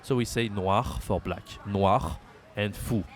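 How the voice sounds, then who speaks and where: A man with a French accent, a native French speaker, teaching a language lesson, thinking aloud with hums and self-corrections and repeating phrases slowly for learners. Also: on the low side.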